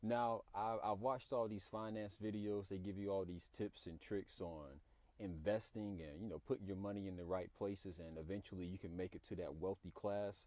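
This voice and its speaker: Earnest male commentator, low and mellow, dry recording. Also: steady tone, normal speed, dry recording. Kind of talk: reflective commentary to camera.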